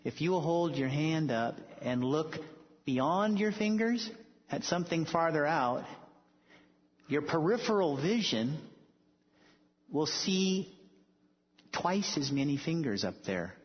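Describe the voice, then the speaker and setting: A man's voice: on the high side, animated, slow, pauses often, slightly rough. A male preacher giving a sermon, telling stories emphatically and building to bold declarations. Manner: emphatic storytelling, rising to declarations. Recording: echoey hall, dull lo-fi sound.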